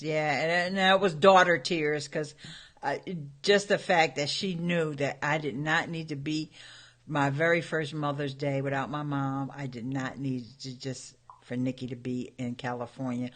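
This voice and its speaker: A woman's voice: sits low, fairly bright tone. A middle-aged woman hosting a casual livestream from home, telling stories and talking straight to her viewers in a chatty way. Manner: chatty storyteller addressing viewers. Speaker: YouTube host.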